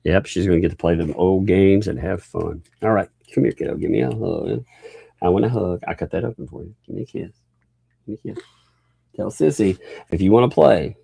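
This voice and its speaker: A very deep, gravelly man hosts a casual livestream, joking and laughing with his little daughter. His tone is dark and husky, and his pitch swings widely as he teases her. The sound is dry and close. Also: lively intonation, brisk, no echo. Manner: playful, joking, laughs often; talking to his young daughter. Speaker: livestream host.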